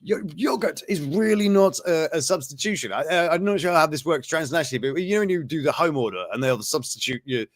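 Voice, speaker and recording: A man's voice: fairly high pitch, lively intonation, brisk, hardly any pauses, no room sound. Man, host, casual commentary, rambling, chuckling, dry close sound. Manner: rambling, chuckling, breaks off mid-sentence. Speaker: show host. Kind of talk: casual commentary reading out news items.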